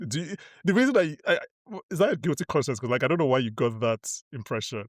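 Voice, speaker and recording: A man's voice: mid-range voice, very animated, fast, no echo. Male podcast host, casual and rambling, dry close-miked sound. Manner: rambling, filler-heavy, laughing. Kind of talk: casual chat.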